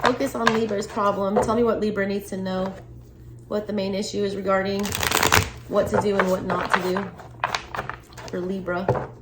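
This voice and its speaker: A woman doing a casual, chatty tarot unboxing and reading, excitable and cursing freely as she goes through the cards. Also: medium pitch, moderate pace, pauses often. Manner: chatty, excitable, swears casually, frequent laughs. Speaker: tarot reader. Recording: echoey room with faint background noise.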